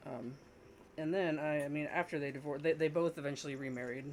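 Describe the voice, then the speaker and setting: A man's voice: a little high, fairly even intonation, brisk, a little hiss or hum. A man co-hosting a casual podcast chat, rambling with frequent fillers and restarts. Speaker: podcast co-host.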